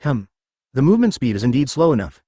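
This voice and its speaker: A man voices a cocky young pirate who teases his enemies in an easy, casual way. The reading is lively in pitch and very dry, close to the mic. It has the even polish of a synthetic storybook voice. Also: quick pace, dry recording. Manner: teasing, casual.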